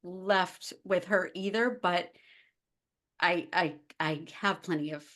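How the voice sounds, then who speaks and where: Slow and lowish in pitch, this American woman in her forties is a life coach talking casually as a guest on a podcast. Her storytelling is animated, and she acts out the quoted lines of dialogue.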